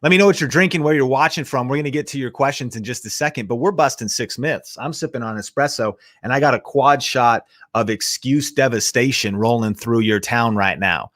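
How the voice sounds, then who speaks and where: A man's voice: medium pitch, fairly quick, hardly any pauses, a bit bright. A man hosting a motivational live show, talking in a punchy, fired-up, slangy way. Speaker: show host. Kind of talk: motivational livestream talk.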